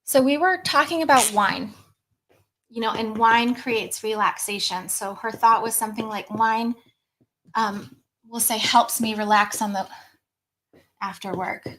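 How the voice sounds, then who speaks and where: A woman's voice: a little high, measured pace, fairly bright tone, slight background noise. A middle-aged woman coaching on a live stream, chatting casually and reading out viewer comments.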